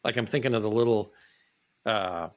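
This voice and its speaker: A man's voice: on the low side, normal speed. A man hosting an interview, chiming in with eager short agreement and questions. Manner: eager, brief affirmations. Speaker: interview host. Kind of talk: conversational interview.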